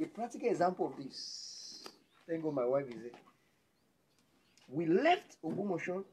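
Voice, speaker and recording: Nigerian man, pastor preaching, emphatic, loud then hushed, faint background hiss. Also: a little high. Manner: emphatic, swings between loud exclamations and hushed lines. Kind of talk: sermon.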